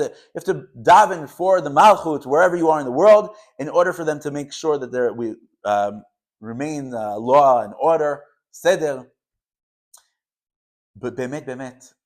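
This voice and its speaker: Speaking to camera at medium pitch, a man teaches a Torah lesson with passion, alternating between loud emphasis and quiet asides. He mixes Hebrew and Yiddish words into his English.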